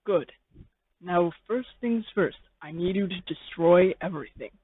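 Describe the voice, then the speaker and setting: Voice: medium pitch, unhurried, breathy edge, no echo. Narrator doing a creepy, controlling young man. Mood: bossy. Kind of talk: fan fiction reading. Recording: tinny phone-like dry sound.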